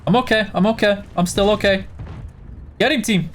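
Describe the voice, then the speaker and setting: A man's voice: high-pitched, normal speed, fairly bright tone, a little hiss or hum. Tired, chatty game streamer man. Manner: reads chat questions aloud, answers offhand with fillers. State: very tired, yawning. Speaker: livestream host answering chat while playing. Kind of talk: casual livestream chat.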